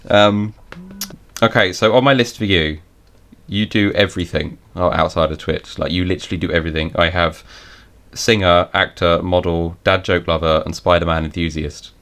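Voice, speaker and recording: Deep-voiced British man hosting a podcast. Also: steady tone, moderate pace, a bit bright. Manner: teasing, joking, laughs often. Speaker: podcast host. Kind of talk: casual podcast chat.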